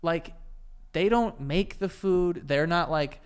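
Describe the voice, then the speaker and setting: A man's voice: on the high side, slow, clear, resonant tone. A young American man co-hosting a podcast, rambling bluntly with lots of fillers and crude jokes. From United States. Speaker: podcast co-host. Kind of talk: casual chat.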